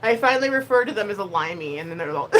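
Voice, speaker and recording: A woman YouTuber talking casually to her camera in an animated, expressive way, moving between quiet asides and loud bursts. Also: sits high, very noisy.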